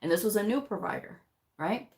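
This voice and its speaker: A woman who teaches medical coding, telling workplace stories in a casual livestream. She is animated, acts out the dialogue and laughs often. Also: mid-range voice, fairly quick.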